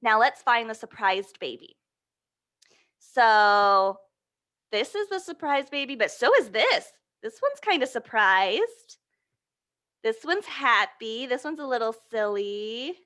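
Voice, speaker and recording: A woman leading a children's storytime, animated and prompting her young listeners with questions. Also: a little high, slow pace. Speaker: storytime reader.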